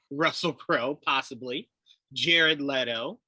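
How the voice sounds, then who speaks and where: A man co-hosting a casual movie chat, animated, swearing and acting out quotes with laughter. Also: medium pitch, slow, no echo, low-quality recording. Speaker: podcast co-host.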